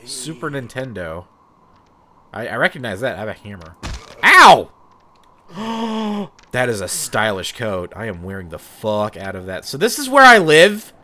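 Excitable, swearing let's play man. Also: mid-range voice, a little slow, a little hiss or hum. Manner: profane, excitable, sarcastic jokes while playing. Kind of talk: gameplay commentary.

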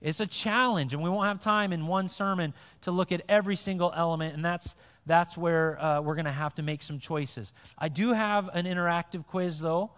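High-voiced man preaching in reverberant church. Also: normal speed, fairly bright tone. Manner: chatty, joking, with frequent restarts. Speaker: pastor. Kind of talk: conversational sermon with an interactive quiz. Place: church sanctuary. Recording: long church-hall reverb.

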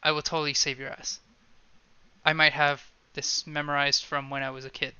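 A man's voice: fairly high pitch, flat delivery, normal speed, bright, forceful tone, smooth, no room sound. A man casually playing through a game, reading its dialogue aloud in a wry, offhand way. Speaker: let's play gamer. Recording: slightly dull lo-fi sound.

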